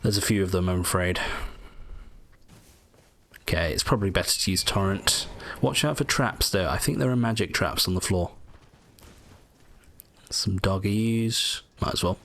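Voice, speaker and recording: A man with a somewhat low voice talks casually over his gameplay, explaining tricks and tips in a chatty way. He often mutters short asides to himself between the explanations. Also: moderate pace, long pauses, fairly bright tone. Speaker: gameplay walkthrough host. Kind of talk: casual game commentary.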